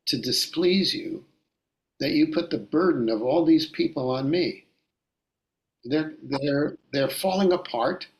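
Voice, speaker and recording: Guy playing worn-out leader complaining to god, gravelly, exasperated pleading, goes up high. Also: poor audio.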